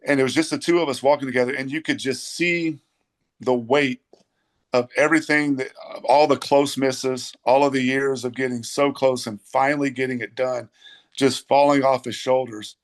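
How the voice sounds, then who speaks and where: A man in a casual podcast chat recalls a story in a mid-range voice. He speaks slowly and thoughtfully, with frequent fillers. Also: medium pitch, fairly even intonation. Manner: reflective, many fillers. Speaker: sportswriter guest.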